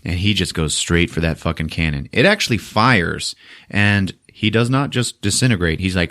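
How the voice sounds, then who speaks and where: Animated, swearing man recapping a film. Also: on the low side, moderate pace. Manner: animated, profane storytelling. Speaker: podcast host. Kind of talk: casual movie recap.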